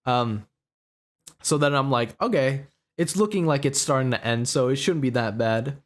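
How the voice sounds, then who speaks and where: A man's voice: mid-range voice, moderate pace. A young man co-hosting a podcast, telling a long story in a rambling, profane way full of "you know" and "right?". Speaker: podcast co-host. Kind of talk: casual storytelling chat.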